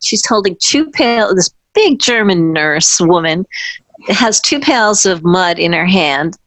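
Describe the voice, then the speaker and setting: Low-voiced woman telling a personal story. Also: expressive, a bit bright, no room sound. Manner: halting storytelling with restarts, acting out the people she quotes. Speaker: former ballet dancer recounting her career. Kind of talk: personal anecdote.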